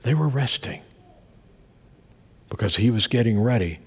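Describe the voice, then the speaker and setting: A middle-aged male pastor preaching and telling a story to his congregation, swinging between soft murmurs and loud outbursts. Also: medium pitch, lively intonation, unhurried, breathy edge. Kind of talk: sermon. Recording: long hall reverb.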